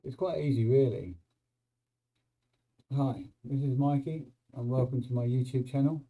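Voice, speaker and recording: A man's voice: mid-range voice, a little slow, narrow, tinny audio. A man hosts his own video channel, explaining slang in a wry, conversational way and checking in with the viewer. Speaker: YouTube host explaining slang.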